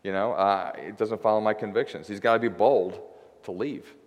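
A man's voice: fairly low pitch, moderate pace. A young adult man giving a sermon as a guest preacher, talking in a loose, conversational way with lots of filler words. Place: church sanctuary. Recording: long hall reverb.

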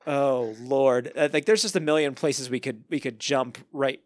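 A man hosting a casual podcast chat, animated and laughing, mockingly reading lyrics aloud. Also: medium pitch, moderate pace, no room sound, clean studio sound. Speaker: podcast host.

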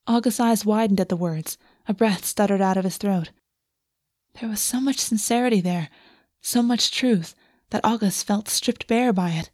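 A woman reading a fantasy romance aloud as narrator, in a soft, steady storytelling voice on a close microphone. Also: medium pitch, moderate pace, no echo. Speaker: audiobook narrator. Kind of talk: scripted narration.

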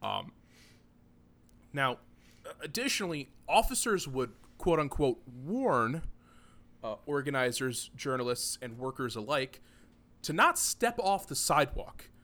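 A man's voice: medium pitch, very animated, measured pace, bright, forceful tone. A man hosting a casual podcast, rambling and joking, often laughing between points. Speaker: podcast host.

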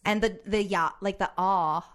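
A young woman, a musical theater actor, chatting casually with many likes and quick laughs. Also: mid-range voice, fairly even intonation. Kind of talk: casual chat.

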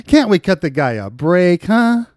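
A man's voice: high voice, a little slow, dry recording, clean studio sound. A man voicing a campy, theatrical convict who pleads showily for mercy. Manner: showy, animated pleading. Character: campy, theatrical male convict, flamboyant and kind.

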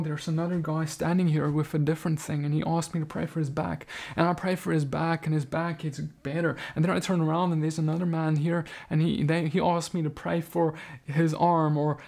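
A man telling a personal testimony in an earnest, halting way, with frequent restarts. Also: fairly high pitch, creaky, darkish tone. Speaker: speaker giving a testimony.

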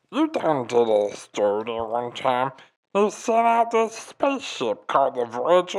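A bumbling alien woman envoy, as a man puts her on, rambling in loose, folksy country grammar. She swings her voice up high when she gets worked up, at an everyday middle pitch otherwise. It's improvised comedy, loose and unscripted. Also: fairly bright tone, rough recording.

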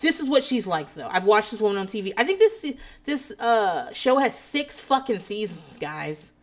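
A woman's voice: medium pitch, sing-song, normal speed. A woman in a rambling, casual chat, sarcastic and heavy on profanity.

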